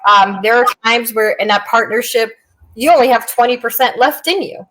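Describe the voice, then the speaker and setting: A woman with a fairly high voice chats on a podcast in a blunt, animated way. She is a military veteran, and her stories are full of Southern slang. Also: normal speed, rough recording. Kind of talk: casual podcast chat.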